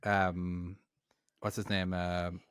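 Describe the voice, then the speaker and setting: A man's voice: deep voice, little pitch movement, extremely slow, a bit bright, smooth, dry recording, clean studio sound. An Irish man co-hosting a podcast in casual chat, with hesitant restarts and self-deprecating remarks. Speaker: podcast co-host.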